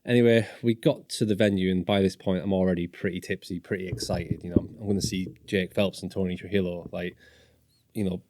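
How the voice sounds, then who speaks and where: A man's voice: low voice, fairly even intonation, fairly quick, darkish tone, no room sound. A man from northern England in his forties, a podcast guest telling stories casually and animatedly, swearing and acting out voices. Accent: Northern English. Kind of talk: casual storytelling.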